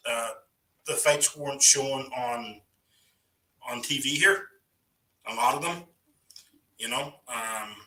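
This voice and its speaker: Speaking slowly with long pauses, a man in a mid-range, bright and sharp-edged voice spins rambling stories as a guest on a live voice chat. The mic is some distance away, leaving him distant and echoey in a roomy space, and his sentences double back, heavy with "you know" and "right".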